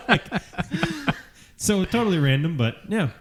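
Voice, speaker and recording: A man's voice: sits high, big pitch swings, takes it slowly. A man hosting a casual podcast over drinks, rambling with lots of "like" fillers and laughing easily. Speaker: podcast host.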